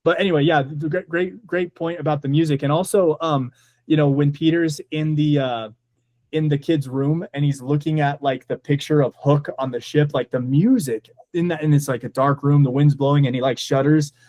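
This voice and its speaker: A man's voice: fairly high pitch, steady tone, moderate pace, a little mellow, no room sound. A man co-hosting a casual movie podcast, talking with enthusiasm and leaning on "like" as a filler. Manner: enthusiastic, heavy use of "like". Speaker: podcast co-host.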